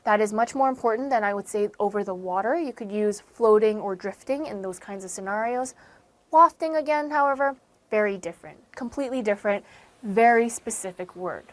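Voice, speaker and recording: An American woman with a mid-range voice, speaking a little fast, teaches English vocabulary in an online lesson. She explains words patiently, repeating and rephrasing them, and suddenly stresses key words with emphasis.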